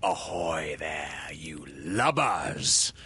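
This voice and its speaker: A man voicing a cocky boy hero who mimics a pirate captain's orders in a hushed, commanding whisper. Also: rumbling low, animated, extremely slow, a little hiss or hum, exaggerated voice.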